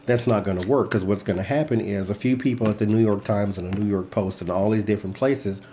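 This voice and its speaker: A man's voice: lowish voice, fairly even intonation, quick pace, dark tone, slight background noise. A man giving a casual tarot reading, talking bluntly and directly to a person who is not there. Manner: blunt, speaks straight to an absent person. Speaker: tarot reader.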